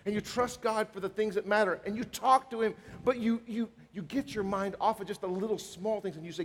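A man preaching a sermon as a pastor, emphatic and animated, acting out bits of dialogue. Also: high-pitched, fairly quick. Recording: reverberant hall.

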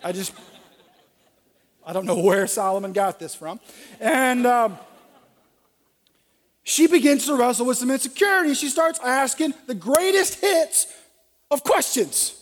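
A man preaching a sermon, animated, acting out dialogue with shifting voices. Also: very high-pitched, measured pace, long pauses. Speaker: pastor. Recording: long reverb of a large hall.

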